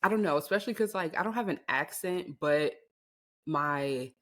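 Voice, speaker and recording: A young woman co-hosting a podcast in casual chat, speaking in a deep, monotone, matter-of-fact way. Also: moderate pace. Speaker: podcast co-host.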